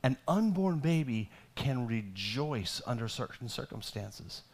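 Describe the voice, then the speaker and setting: A middle-aged man preaching a sermon, animated and talking with many restarts and asides. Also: medium pitch, unhurried. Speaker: pastor.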